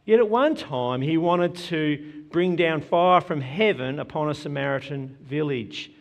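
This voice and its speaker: A man delivering a sermon in an unhurried, deliberate way, every phrase given room. His voice sits a little higher than most men's. He leans hard into the scripture he quotes. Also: lively intonation, creaky. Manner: earnest, measured preaching with emphatic quoted scripture. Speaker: preacher.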